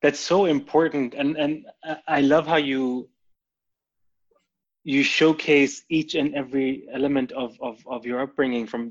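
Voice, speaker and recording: A man hosts a relaxed interview. He mostly answers with short affirmations, then lays out longer reflections. His pitch is mid-range, and the recording sounds slightly dull and muffled. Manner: brief affirmations, thoughtful follow-ups. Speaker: podcast host. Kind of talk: casual interview.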